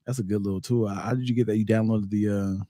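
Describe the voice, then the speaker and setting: A man's voice: lowish voice, steady tone, racing, warm tone, no room sound, clean studio sound. A man in casual chat as a guest comedian, laid-back and agreeable.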